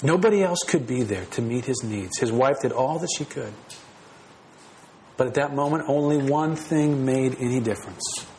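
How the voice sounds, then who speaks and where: A man preaching a sermon in a warm, earnest and personal manner. He often repeats phrases and restarts a thought. His voice is mid-pitched, with a faint hiss behind it. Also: expressive, moderate pace, rough recording. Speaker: pastor.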